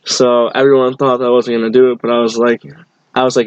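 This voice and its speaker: Young man, casual chat guest, rambling storyteller, monotone. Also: medium pitch, fairly quick, muffled recording, heavy background noise. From Boston area. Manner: rambling, many fillers and restarts.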